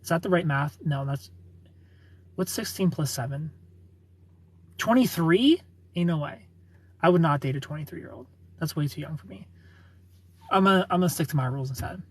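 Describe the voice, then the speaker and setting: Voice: mid-range voice, expressive, normal speed, pauses often, breathy edge. A livestreamer in their thirties answering chat comments in a chatty, opinionated way and laughing often. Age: 30s.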